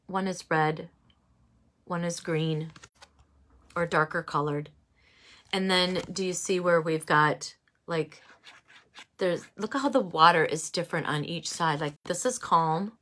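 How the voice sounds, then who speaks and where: A woman giving a casual oracle card reading, musing and halting with many fillers. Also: fairly low pitch, a bit bright.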